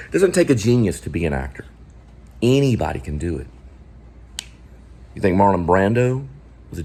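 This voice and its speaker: Husky low-voiced man talking acting. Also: darkish tone. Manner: rambling, asks many quick questions. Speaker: vlogger and actor teaching acting. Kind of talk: casual acting talk to camera.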